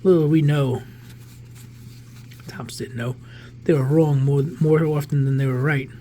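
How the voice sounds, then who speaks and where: A card collector vlogger in his forties from the New York area chats casually while opening a pack of cards. His medium-pitched voice is unhurried, and he rambles and restarts as he thinks aloud, with a little hiss or hum present.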